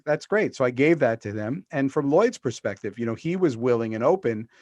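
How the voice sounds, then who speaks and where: A man's voice: medium pitch, brisk, no room sound. A middle-aged man, the guest author, telling stories in an interview over a video call and acting out the quotes he tells. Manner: animated storyteller, acts out quotes.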